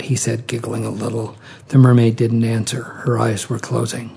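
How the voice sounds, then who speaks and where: A man reading a short story aloud in a calm, measured way. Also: mid-range voice, vocal fry, breathy edge. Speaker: narrator.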